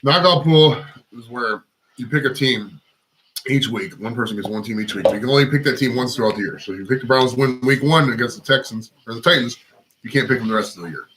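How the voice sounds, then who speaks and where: Rowdy joking man, bright voice. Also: medium pitch, a little fast, low-quality recording. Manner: rowdy, joking, swears freely. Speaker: podcast co-host. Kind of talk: casual chat.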